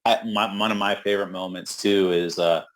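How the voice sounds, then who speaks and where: A man's voice: deep voice, fairly even intonation, moderate pace, slight background noise. A man co-hosting a movie podcast in casual chat, retelling scenes with acted-out quotes and dry humor. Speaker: podcast co-host.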